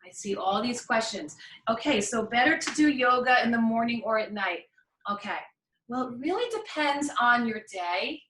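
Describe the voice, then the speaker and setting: Woman yoga teacher, bright voice, a bit high, encouraging, echoey room off-mic. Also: animated, moderate pace, recorded from a distance. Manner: encouraging, chatty, talks through each move. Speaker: yoga instructor. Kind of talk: guided yoga class instruction.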